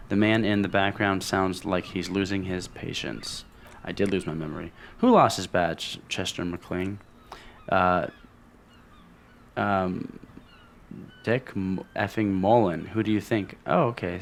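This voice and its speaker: A man's voice: on the low side, slight background noise. A man casually commenting on a video game as he plays, reading its dialogue aloud between offhand remarks. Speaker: let's play host.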